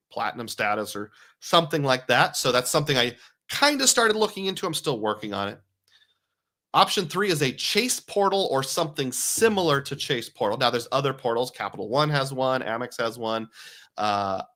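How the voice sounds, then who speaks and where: Man host, casual and chatty livestream talk, crisp bright tone, mid pitch. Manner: casual, thinking aloud, chatty with viewers. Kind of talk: live-stream commentary.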